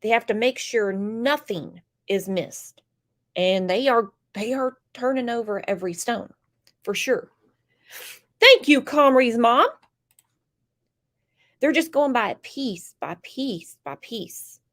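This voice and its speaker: A woman with a slightly high voice hosts a true crime livestream. She sounds stuffed up and congested, and talks in a chatty, opinionated way. She greets her viewers one by one. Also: animated, slow pace, pauses often, a bit bright. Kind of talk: casual livestream chat.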